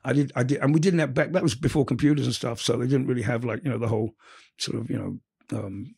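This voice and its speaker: A middle-aged man, talking fast and animatedly as an interview guest. His voice is gravelly and husky, and he peppers his stories with swearing. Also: mid-range voice. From England. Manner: animated, profane, quick storyteller. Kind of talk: storytelling in casual conversation.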